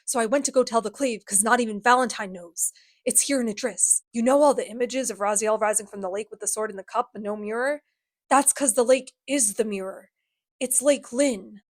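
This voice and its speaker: A young woman in her twenties recaps a book series with animated, sarcastic commentary and frequent laughter. Her voice sits at a middle pitch, and the recording is close and dry with no room sound. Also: no room sound. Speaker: book vlogger.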